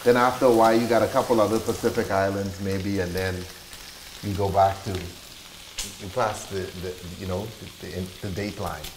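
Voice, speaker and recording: A woman's voice: very deep voice, fairly even intonation, normal speed, a little hiss or hum, rough recording. A woman hosting a casual cooking show, giving slangy, playful instructions and teasing her co-host.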